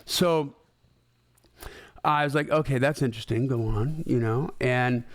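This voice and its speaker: Middle-aged man, mid-pitched, lively storyteller, dry studio sound. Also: a little slow, dry recording. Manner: animated, conversational, acts out quoted dialogue. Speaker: host. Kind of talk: storytelling talk.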